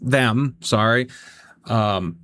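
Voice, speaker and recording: A man's voice: medium pitch, very slow, a bit bright, a little hiss or hum. A man playing a tabletop game, chatting out of character, jokey, rambling and swearing freely. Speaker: player. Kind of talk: casual out-of-character game chat.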